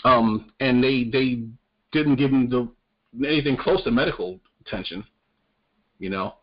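A man's voice: mid-range voice, unhurried. A man co-hosting a casual podcast chat about the news, blunt and profane, often stammering as he restarts his sentences. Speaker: podcast co-host. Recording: muffled lo-fi audio.

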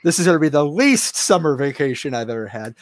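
A man's voice: fairly high pitch, big pitch swings, fast, no room sound. Chatty man hosting an interview, dry sound. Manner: chatty, laughs often, many fillers and restarts. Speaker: interview host. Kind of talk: casual interview.

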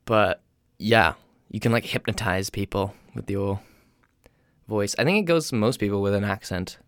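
A young man from England with an English accent softened by years in North America, talking in a casual, rambling, self-deprecating monologue. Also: fairly low pitch, normal speed, dry recording, clean studio sound.

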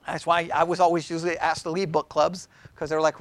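Animated high-voiced man teaching Bible study. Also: fast, no echo. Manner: chatty, animated, asks the group questions.

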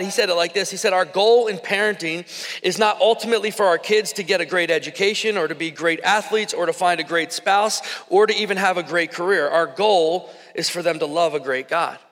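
A man in his thirties preaching a sermon, telling personal stories in an animated, conversational way with many fillers. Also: high-pitched. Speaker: pastor. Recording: echoey hall with long reverb.

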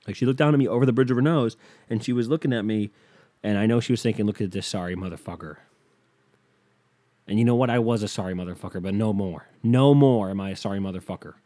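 A man's voice: on the low side, fast talker, dark tone. A young man ranting to camera in a casual comedic monologue, swearing freely and acting out the people he quotes. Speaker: comedic vlogger.

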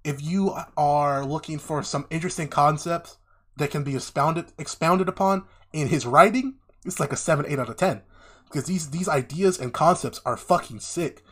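A young man in casual chat, retelling a story with lively acted-out voices and lots of swearing. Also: a little high, normal speed, breathy edge. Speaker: podcast co-host. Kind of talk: casual chat, animated retelling of an anime plot.

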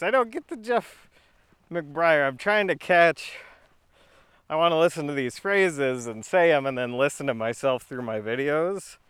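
A man's voice: mid-range voice, fairly bright tone, clear, resonant tone, no echo. A young man rambling in a casual monologue, with a goofy, slightly throaty voice, laughing often and restarting his sentences. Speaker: video creator.

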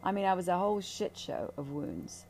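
Blunt, profane woman with a warm low voice. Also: normal speed, a little hiss or hum. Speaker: ayahuasca ceremony guide. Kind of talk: candid spiritual talk.

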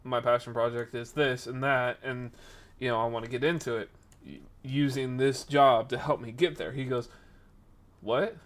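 A man's voice: medium pitch, normal speed. A man in his twenties casually telling a rambling story on a podcast stream, with lots of fillers. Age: 20s. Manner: rambling, animated retelling with frequent fillers.

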